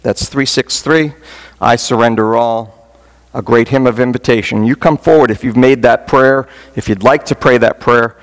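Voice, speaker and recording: A man's voice: medium pitch, fairly even intonation, moderate pace. A man preaching as a pastor in a church, giving an earnest, folksy altar call with touches of humor. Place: church sanctuary.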